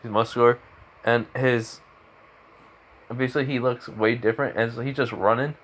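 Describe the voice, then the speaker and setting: Male storyteller, mid pitch, loose rambling improvised delivery. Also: steady tone, moderate pace. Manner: rambling, full of fillers and restarts. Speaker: fan-fiction storyteller.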